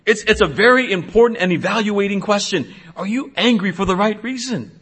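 A man's voice: high-pitched, brisk, few pauses, fairly bright tone, husky. A middle-aged man, a pastor, preaching a sermon in an earnest way, asking questions and sometimes restarting.

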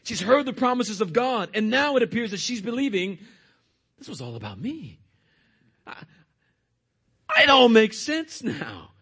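A man's voice: very high voice, big pitch swings, a little slow, long pauses, fairly bright tone, husky. A male pastor preaching a sermon, retelling scripture expressively.

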